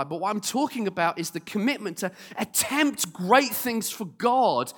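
A male pastor gives a sermon through humorous storytelling. His voice sits fairly high and swings widely. A long reverb carries it through a large hall. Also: fairly bright tone.

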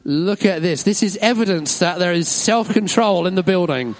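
A man's voice: sits high, lively intonation, moderate pace, slight background noise. A man leading a children's talk in a church service, upbeat and encouraging, praising every answer. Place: church hall with an audience.

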